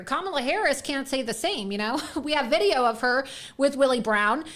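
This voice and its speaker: A young woman hosts her own show and delivers a fiery monologue straight to camera. Her voice sits high and bright, and she is sarcastic, defiant and blunt, with profanity and quick laughs between jabs. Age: young adult. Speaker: host of an online political show. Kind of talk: angry political monologue to camera.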